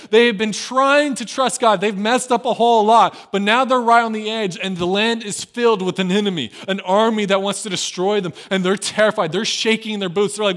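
Male pastor, higher voice, lively sermon delivery with quiet-to-loud swings. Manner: animated preaching, acts out quoted voices, swings from soft to loud.

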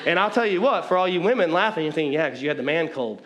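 A man's voice: fairly high pitch, expressive, fast, fairly bright tone. A married man preaching a sermon to a congregation in a conversational, self-mocking way, with sudden bursts of emphasis. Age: adult, married with children.

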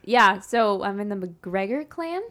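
Brief: woman co-host from Texas, mid-pitched, giggly and rambling casual chat. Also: lively intonation, measured pace, a bit bright. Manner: playful, laughs often, chatty with many fillers. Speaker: podcast co-host.

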